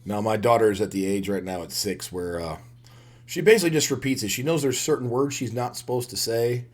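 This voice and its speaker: Low-voiced joking man on a podcast. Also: fairly quick. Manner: joking banter. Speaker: podcast co-host. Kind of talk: casual chat.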